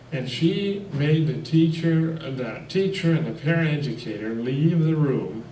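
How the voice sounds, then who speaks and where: A man spins folksy personal stories at a church, chuckling between lines. He sits at a middle pitch. His voice carries from a distance in a reverberant room, with a faint hum of ambience behind him. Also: measured pace, hardly any pauses. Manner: folksy, lively anecdotes with chuckles and fillers. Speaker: guest speaker. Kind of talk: personal storytelling talk. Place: church hall. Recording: echoey room, mic far off.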